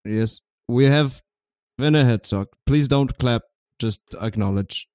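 A man's voice: medium pitch, slow pace, a little mellow, no room sound, natural voice. A man playing a formal German cable-TV presenter in a mock announcer voice.

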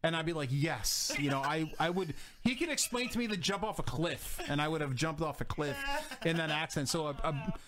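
A man's voice: on the high side, brisk, few pauses, crowd noise. An American man hosting an interview, stammering and repeating his words in casual chat. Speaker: podcast host.

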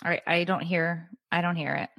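A woman's voice: lowish voice, little pitch movement, brisk, creaky, fairly bright tone, no echo. A middle-aged woman co-hosting a podcast, telling a story animatedly and acting out what people said. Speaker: podcast co-host. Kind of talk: casual storytelling chat.

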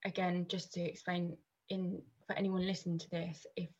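Low, husky woman in her thirties, rambling guest chat with lots of restarts, dull lo-fi recording. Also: level tone, normal speed, darkish tone. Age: 30s. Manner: rambling, many restarts and fillers. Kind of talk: casual podcast chat.

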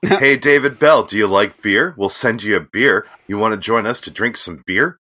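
A man's voice: fairly low pitch, normal speed, pushed and bright. A man co-hosting a podcast in casual chat, joking playfully and laughing often. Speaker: podcast co-host.

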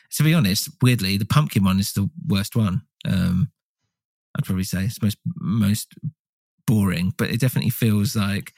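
A low-voiced man chats loosely on a podcast, tossing in wry reactions and offhand opinions. His voice sits close and dry on the mic. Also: darkish tone, no room sound. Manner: laid-back, joking reactions. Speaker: podcast co-host. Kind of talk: casual film discussion.

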